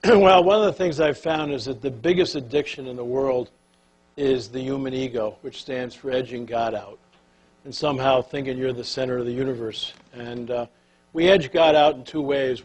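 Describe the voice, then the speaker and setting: An older man giving a talk on leadership, telling a story in a folksy, animated way and sinking to a soft, hushed voice at the tender moments. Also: mid-range voice, normal speed, slightly rough, poor audio. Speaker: speaker on leadership.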